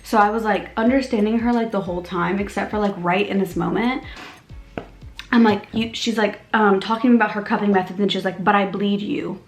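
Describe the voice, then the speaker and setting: Young female vlogger, storytime delivery, mid pitch, echoey room, faint music bed. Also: fairly quick. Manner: animated storytelling, acts out dialogue, frequent "like". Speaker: beauty vlogger. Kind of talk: casual storytime vlog.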